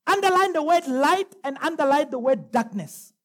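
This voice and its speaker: A woman delivers a sermon in a high voice that swoops up and down. She preaches emphatically and slows her words down when she reads scripture aloud. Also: lively intonation.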